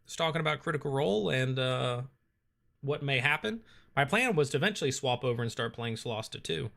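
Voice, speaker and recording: A man with a bright, clear voice hosts a relaxed live stream. He reads viewer comments aloud and answers them in an easy, thinking-aloud way, full of ums and uhs. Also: mid-range voice, brisk. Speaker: host reading live chat. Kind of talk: casual live-stream chat.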